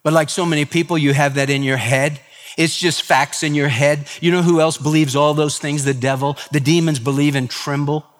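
A man's voice: on the high side, steady tone, normal speed, long reverb tail. A man preaching a sermon as pastor, impassioned, acting out both sides of conversations. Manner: impassioned preaching with acted dialogue.

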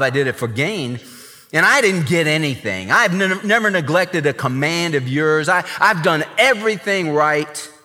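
A preacher doing a bitter, sneering older son. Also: male voice, on the high side, sharp tone. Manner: sneering, sarcastic complaining. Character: resentful, bitter grown son, disrespectful. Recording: long reverb of a large hall.

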